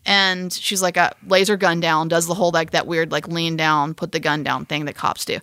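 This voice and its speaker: A woman co-hosting a podcast, telling a story in an animated, emphatic way. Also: deep voice, normal speed, no room sound. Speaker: podcast co-host. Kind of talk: casual chat.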